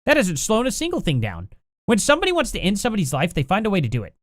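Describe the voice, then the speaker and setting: A man with a fairly high voice rants through a live stream, sarcastic and combative, and openly angry. His sound is dry and close, with no room in it. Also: huge pitch swings, racing, no echo. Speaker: live-stream host reacting to chat. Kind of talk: heated live-stream commentary.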